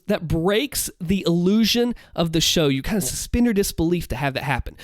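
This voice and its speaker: A man walks through his voice acting work, explaining it with vocal demonstrations. His slightly high voice rises and falls with animated energy, and the sound is dry and close. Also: no room sound. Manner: holds back volume late at night. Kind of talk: voice acting breakdown.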